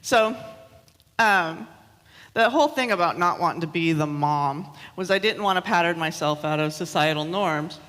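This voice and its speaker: Minister, woman in her 30s, bright tense tone, chatty self-mocking sermon in a reverberant church hall. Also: lowish voice, normal speed. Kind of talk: sermon with personal stories.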